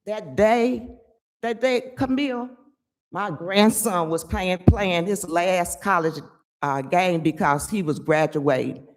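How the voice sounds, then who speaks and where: An older woman giving an angry, emphatic public comment at a village board meeting, often pausing to ask "okay?". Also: on the low side. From Chicago area.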